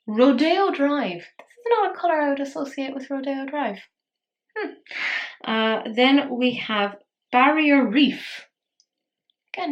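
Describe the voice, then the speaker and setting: A woman's voice: a little high, a bit bright. A woman, chatting playfully through a makeup tutorial and poking fun at herself. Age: 30s. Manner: chatty, playful and self-mocking. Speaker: makeup vlogger. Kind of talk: casual makeup tutorial chat.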